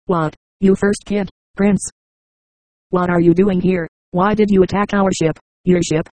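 A synthetic text-to-speech voice reading the lines of an angry, frightened man in an audiobook, flat and unvaried. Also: mid-range voice, unhurried, no echo, lightly acted.

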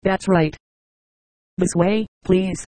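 An audiobook narrator voicing a brisk, stern female palace courtier who speaks curtly. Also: medium pitch, fairly even intonation, dark tone, dry recording. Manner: curt and commanding.

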